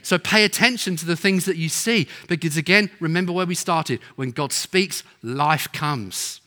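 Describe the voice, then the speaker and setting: A man's voice: high voice, moderate pace, bright, forceful tone. A middle-aged man preaching a sermon, telling stories and acting out the people in them. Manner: storytelling, acts out quoted voices.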